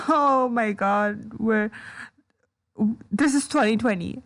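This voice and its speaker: A woman doing reaction commentary on a video, exasperated and stammering, breaking into yells of disbelief. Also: on the high side, takes it slowly. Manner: exasperated, stammering, bursts into yelling. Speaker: commentary YouTuber.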